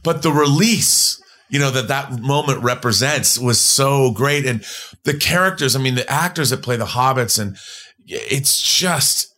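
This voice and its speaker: A man's voice: medium pitch, animated, measured pace, pushed and bright. A man co-hosting a movie podcast who talks in earnest agreement during casual chat. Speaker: podcast co-host.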